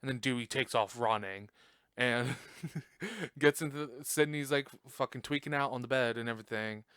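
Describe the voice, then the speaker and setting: A man's voice: medium pitch, normal speed, a bit bright, clear, resonant tone, dry recording, studio quality. A young adult man hosting a podcast, recapping a movie in a casual, profane way and laughing often. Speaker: podcast host.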